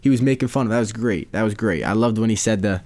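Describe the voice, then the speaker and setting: A man's voice: on the low side, fast, darkish tone. Rambling incredulous male podcaster. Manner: rambling, repeats phrases, incredulous. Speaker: podcast host. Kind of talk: casual solo podcast rant.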